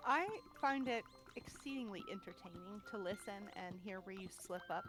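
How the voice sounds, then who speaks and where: A woman's voice: mid-range voice, normal speed, fairly bright tone, soft background music. A woman chatting casually and laughing often while co-streaming. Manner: giggly and chatty. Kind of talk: casual chat.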